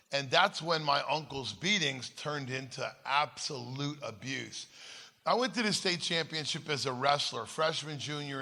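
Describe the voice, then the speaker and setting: A man's voice: a little high, creaky, bright, forceful tone. A man speaking at a church conference, telling his own story in an emphatic, conversational way and often checking in with the crowd. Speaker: guest speaker. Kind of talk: personal story told from a stage. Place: large hall at a church conference. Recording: long reverb of a large hall.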